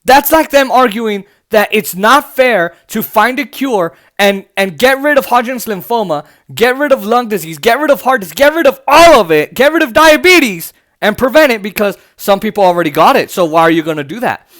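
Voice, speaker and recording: A man's voice: sits high, animated, brisk, few pauses, a bit bright. A man hosting a political podcast, reacting to news clips in an angry, profane, mocking rant that breaks into laughter. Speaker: podcast host.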